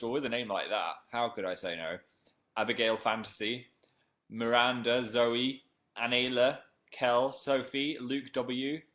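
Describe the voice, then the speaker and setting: A young man chats live to his audience over a webcam at home, reeling off viewer names in an easy, jokey way. Now and then he jumps into high, excited hellos before settling back into relaxed chatter. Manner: playful, jokey, bursts of excited greetings. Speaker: livestream host. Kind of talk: casual livestream chat, reading viewer comments. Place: at home, indoors.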